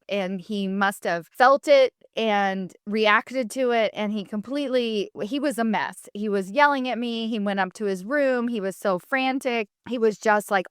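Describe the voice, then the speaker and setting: A woman's voice: mid-range voice, fairly bright tone, smooth, dry recording, studio quality. A woman hosting a solo podcast, telling a personal story in a candid, chatty way and turning it into coaching advice. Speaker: podcast host.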